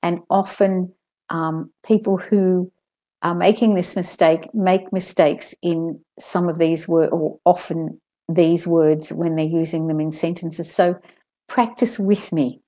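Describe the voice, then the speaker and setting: Slow, careful woman teaching pronunciation. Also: lowish voice, fairly even intonation, mellow. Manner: slow, careful drills with clear word pairs. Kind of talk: online pronunciation lesson.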